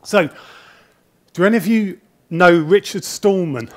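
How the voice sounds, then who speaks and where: A middle-aged man talks to a conference audience in a hall through a wireless presenter mic. His voice sits a little high for a man. He comes across as a slightly nervous, rambling storyteller who pokes fun at himself. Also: a little slow. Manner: nervous, chatty storyteller with self-deprecating humour. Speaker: conference speaker. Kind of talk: conference talk. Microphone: wireless presenter mic with a body pack.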